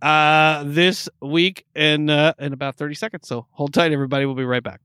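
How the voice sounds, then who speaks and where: A young man co-hosting a casual sports podcast, excitable and joking, rattling off lists. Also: a little high, smooth, dry recording, studio quality. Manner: excitable, joking, rapid listing. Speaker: podcast co-host.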